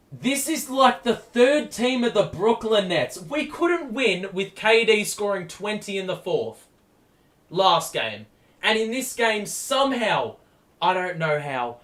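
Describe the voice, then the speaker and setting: A young Australian man giving excitable, foul-mouthed fan play-by-play on a live stream, yelling at big plays. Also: fairly high pitch. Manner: excitable, swears casually, yells at big plays. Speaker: streamer hosting a game watchalong. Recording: echoey room.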